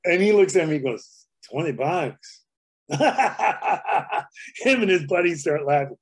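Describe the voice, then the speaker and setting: A man's voice: high-pitched, expressive, slow, slightly rough. An older man telling comedy anecdotes as a guest, jumping into character voices as he goes. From Canada. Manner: storyteller who jumps into character voices. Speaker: comedy writer and performer, guest.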